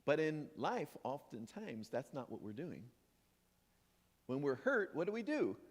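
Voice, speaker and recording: Male minister, animated sermon, lightly higher voice, echoing sanctuary. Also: unhurried. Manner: lively, playful, acts out imagined voices. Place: church sanctuary. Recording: long hall reverb.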